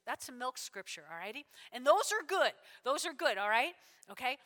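A woman preaching a sermon in a church, animated and repetitive, often checking in with her listeners. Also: fairly high pitch, moderate pace. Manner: animated, repeats lines, checks in with "all right?". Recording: long hall reverb.

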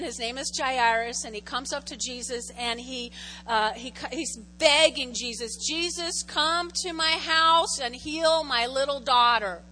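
A woman teaches a Bible lesson with real animation, acting out the people in the story and turning to her listeners with questions. Her voice sits high and bright. A long hall reverb and a faint hum hang behind her. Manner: animated, acts out voices, asks the audience questions. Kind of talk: lively Bible lesson to a group.

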